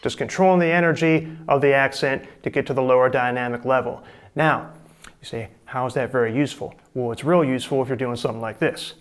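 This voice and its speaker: A man's voice: medium pitch, a little fast, slight background noise. A middle-aged man giving a casual, chatty drum lesson, explaining and demonstrating technique. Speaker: drum teacher.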